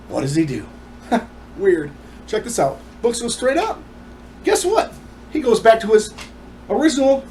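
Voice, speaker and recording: A man's voice: high voice, big pitch swings, darkish tone, slight background noise, poor audio. A man telling a personal story in an agitated, ranting monologue. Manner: agitated, ranting, rapid asides.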